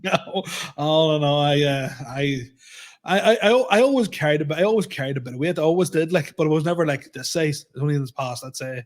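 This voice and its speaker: A man's voice: on the high side, brisk. Laughing man in his thirties ranting. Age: 30s. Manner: laughs often, repeats himself, swears freely. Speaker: comedian podcast co-host. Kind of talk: casual podcast rant.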